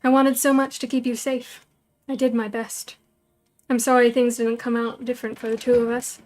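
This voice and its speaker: A woman voicing an earnest, protective young man in a read-aloud story, with a low-key, plain delivery. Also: level tone, normal speed, a little mellow, close to an everyday voice. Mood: tender.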